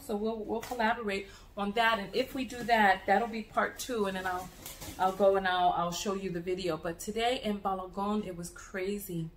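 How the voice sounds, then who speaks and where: An American woman talking to camera in a casual travel vlog, an animated storyteller who restarts and repeats words as she goes. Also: mid-range voice, normal speed, echoey room, slight background noise. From United States. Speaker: travel vlogger.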